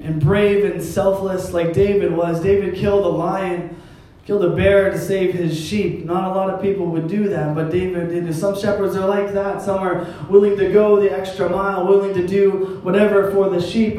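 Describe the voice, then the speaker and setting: Here a pastor with a high, slightly mellow voice gives a sermon. His delivery is conversational, sprinkled with dry, self-deprecating remarks. It was captured from afar in a hall full of echo.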